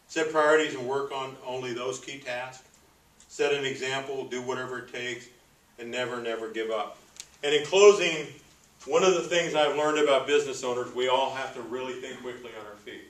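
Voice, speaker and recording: A man's voice: medium pitch, fairly bright tone. A man giving a motivational business talk as a coach, telling stories and checking in with his listeners as he goes. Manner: anecdotal, checks in with "okay?" and "right?". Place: meeting hall. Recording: roomy echo, distant mic.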